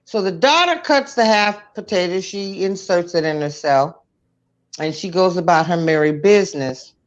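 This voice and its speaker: A woman co-hosting a casual chat, telling stories in an animated way and laughing often. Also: lowish voice, moderate pace, dull audio. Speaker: co-host.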